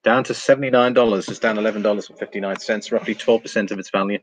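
A man hosting a relaxed live stream, reading out viewer comments and talking over charts. His voice sits fairly low, and he laughs easily between remarks. The sound is dry and close, with no room around it. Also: racing, dry recording. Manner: chatty, reads viewer comments aloud, laughs often, trails off.

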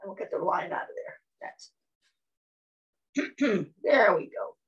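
Slow, gentle woman telling children's stories. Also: fairly low pitch, wildly swooping pitch, muffled recording. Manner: gentle, asks the listening child questions; often clears her throat. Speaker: children's storyteller. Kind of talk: reading aloud and singing to young children.

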